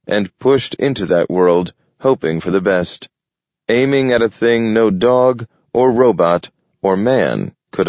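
A man reading a story aloud as an audiobook narrator, in a measured, steady way. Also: on the low side, dry recording. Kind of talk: scripted narration. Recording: dull lo-fi dry recording.

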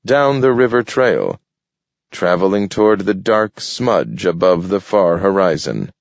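A man reading a story aloud as an audiobook narrator, in a measured, steady way. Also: sits low, gravelly, no room sound. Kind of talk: scripted narration. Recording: dull lo-fi dry recording.

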